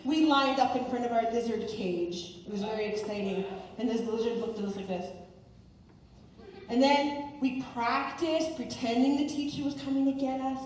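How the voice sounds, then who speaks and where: Animated female host, kid-friendly, voice distant and echoing in a big hall. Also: a little high, moderate pace, slight background noise. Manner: animated, playful, talks to kids. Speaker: host and parent panelist. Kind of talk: lively family event presenting. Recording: echoey hall from far off.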